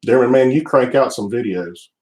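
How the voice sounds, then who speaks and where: A man's voice: mid-range voice, moderate pace, warm tone, poor audio. A middle-aged man with a Southern US accent, rambling casually as he hosts a live stream from his home office. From United States. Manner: rambling, restarts often, laid-back.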